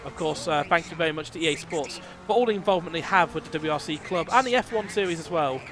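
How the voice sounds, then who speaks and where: A man's voice: on the high side, quick pace. A man commentating live on a sim rally broadcast, chatty and full of fillers. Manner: chatty, thinks aloud with fillers.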